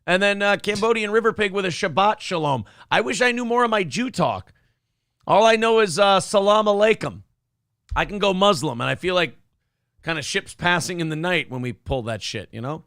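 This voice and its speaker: A man's voice: high voice, expressive, normal speed, a bit bright, no room sound, clean studio sound. A man co-hosting a casual livestream show, joking crudely and reading viewer comments aloud. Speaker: co-host.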